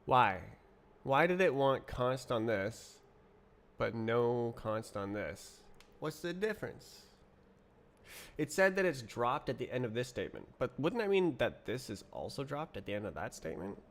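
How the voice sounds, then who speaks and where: A man streaming himself writing code, muttering to himself, puzzled and halting, with keyboard typing behind him. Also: mid-range voice, sing-song. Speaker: streamer coding live. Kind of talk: casual livestream coding chat.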